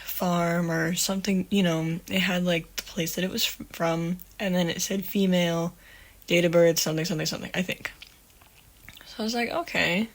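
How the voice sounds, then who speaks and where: A woman's voice: on the low side, fairly even intonation, normal speed. A woman hosting a podcast, casually telling a long story and often stopping to correct herself, with plenty of swearing. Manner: rambling, self-correcting, swears freely. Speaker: podcast host.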